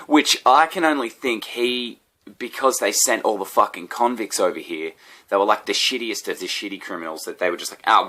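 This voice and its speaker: A man's voice: low-pitched, bright, forceful tone. An Australian man, a comedian, telling a rambling, profane story with laughs at his own tangents. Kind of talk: casual comedic rant.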